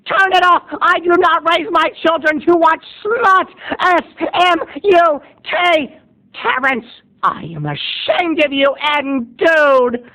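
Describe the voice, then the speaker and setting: A scandalized church mom scolds in a very high, shrill voice, dragging out her words. She is prim and outraged, as a man puts her on in a vlog story. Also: a bit bright, heavily acted, low-quality recording. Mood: scolding. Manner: shrill scolding, drawn-out syllables.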